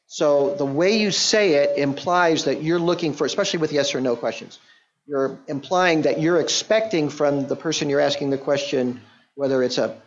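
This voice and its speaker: A man preaching a verse-by-verse Bible teaching in a conversational, explaining way, often acting out the quoted lines. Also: a little high. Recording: dull lo-fi sound.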